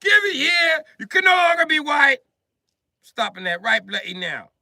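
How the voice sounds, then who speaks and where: A livid British man berating game makers at the top of his lungs, as a man puts him on. The voice jumps high and bright, yelling the same scolding again and again. It sounds close and dry. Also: very animated, normal speed, vocal fry, no room sound, exaggerated voice. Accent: British, put on. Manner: shouting, scolding, repeats insults.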